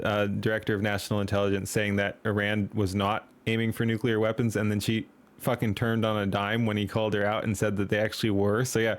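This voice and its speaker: A man hosting a casual political chat stream, sarcastic and swearing freely. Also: lowish voice. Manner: profane, sarcastic. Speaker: stream host.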